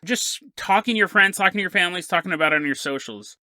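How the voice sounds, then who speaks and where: Male podcast host, animated joking storyteller; bright, forward tone. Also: sits high, fast, no room sound, clean studio sound. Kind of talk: casual storytelling narration.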